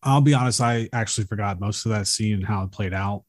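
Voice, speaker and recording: A man's voice: lowish voice, quick pace. A man co-hosting a movie podcast in easygoing, casual chat. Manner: easygoing, chatty. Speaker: podcast co-host.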